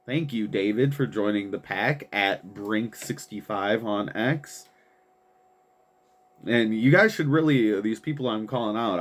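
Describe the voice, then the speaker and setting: A man hosting his own show in casual chat, rambling and self-deprecating, chuckling as he stumbles over names and swearing now and then. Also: on the low side. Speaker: podcast host.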